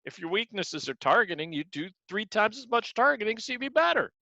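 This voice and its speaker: A man's voice: high voice, sing-song, a little fast, sharp tone, no room sound. A man teaching a martial arts class, talking earnestly and repeating words as he acts out examples. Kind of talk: motivational class talk. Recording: dull lo-fi sound.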